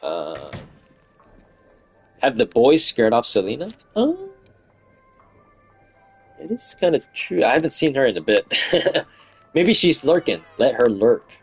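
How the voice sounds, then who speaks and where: A man's voice: mid-range voice, sing-song, slow pace, pauses often, slightly rough, soft background music. A man streaming a game with casual chatty commentary, laughing often and humming along, his voice tired after hours of talking. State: voice fatigue.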